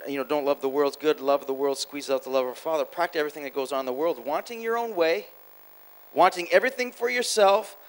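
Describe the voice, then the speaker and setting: A man preaching a sermon at a church conference, animated, swinging between loud exclamations and quiet asides, quick and repeating himself. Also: a little high, low-quality recording. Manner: quick, with repeated words and restarts. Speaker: guest preacher.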